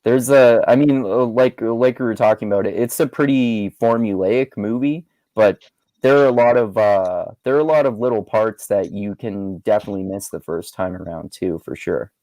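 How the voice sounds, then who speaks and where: Man, low voice, dry close sound, casual movie chat, relaxed, chuckling. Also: normal speed, dry recording, poor audio. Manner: relaxed, chuckling, many fillers. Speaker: podcast host.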